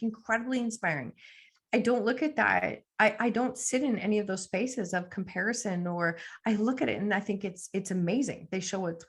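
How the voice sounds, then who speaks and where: Gravelly-voiced woman podcast guest. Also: mid-range voice. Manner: earnest, reflective, frequent "like" fillers. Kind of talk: casual interview talk.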